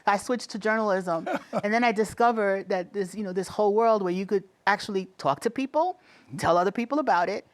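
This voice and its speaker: A middle-aged woman with a Bronx accent, telling lively stories in an interview and often laughing. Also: mid-range voice, fairly quick. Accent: Bronx New York. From the Bronx, New York. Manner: animated storyteller acting out quoted voices, laughs often. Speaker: guest, state commissioner. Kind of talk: conversational interview storytelling.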